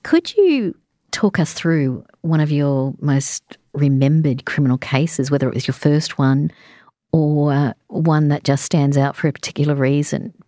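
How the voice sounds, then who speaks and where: A woman's voice: sits low, mellow, no echo, studio quality. A woman interviewing a guest, asking questions politely and at length.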